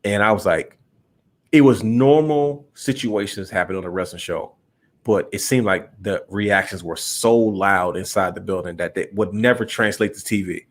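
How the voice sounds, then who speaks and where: A young man with a fairly low voice co-hosts a casual podcast chat. He tells long stories in a relaxed, rambling way and calls his co-host bro. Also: normal speed.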